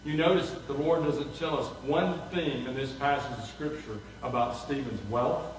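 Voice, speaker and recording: A man preaching a sermon, animated and acting out the voices of people he quotes. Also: mid-range voice, moderate pace, slight background noise. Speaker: pastor. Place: church sanctuary. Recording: echoey hall from far off.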